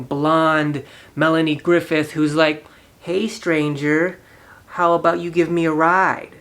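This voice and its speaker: A man's voice: fairly high pitch, a bit bright. A man hosting a casual movie review, retelling the plot animatedly, laughing often and acting out the characters. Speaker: movie reviewer, channel host.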